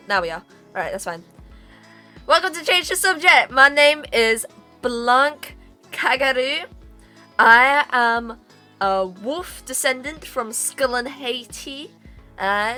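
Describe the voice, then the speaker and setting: A woman's voice: high voice, bright, forceful tone. A British woman co-hosting a streamed chat podcast, playful and teasing, laughing often. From Britain. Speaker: podcast co-host.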